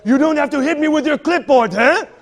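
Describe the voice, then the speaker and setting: A man voicing a grumpy, confrontational older male cyclist who taunts loudly and keeps repeating a challenge. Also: very high-pitched, a little fast, voice pushed up. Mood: aggressive. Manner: loud taunting, repeating "huh?".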